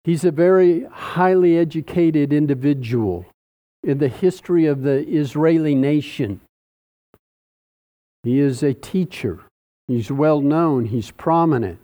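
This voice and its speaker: Slow-preaching man with a dark voice. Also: on the high side. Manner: slow, deliberate Bible teaching with dramatic pauses. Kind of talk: sermon.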